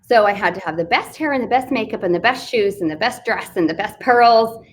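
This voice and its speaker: An author and business coach from Fort Worth, Texas, tells a candid, self-deprecating story in a casual interview on a live online video stream. Her mid-range voice is lively in intonation and a little fast.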